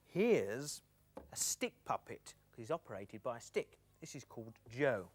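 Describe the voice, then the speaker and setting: A man's voice: medium pitch, big pitch swings, a little slow, slightly rough. A man presenting a children's TV show, playful and patient.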